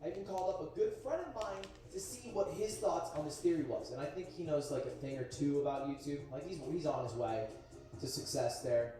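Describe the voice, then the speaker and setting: A man in his twenties narrates his own video in a breezy, confident, conversational way. His voice sits a little high but has a soft, mellow tone. It sounds distant and heavily echoed, with a faint hum of ambience underneath. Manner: brisk, chatty, self-assured. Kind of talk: casual vlog narration. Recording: echoey, distant playback on a stream.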